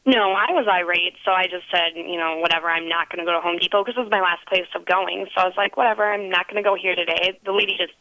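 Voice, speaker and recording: A woman's voice: lowish voice, fairly even intonation, fast talker, hardly any pauses, no room sound. A woman with a Wisconsin accent calling into a radio show, telling an indignant, long-winded story over the phone. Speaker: radio caller. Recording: muffled phone line.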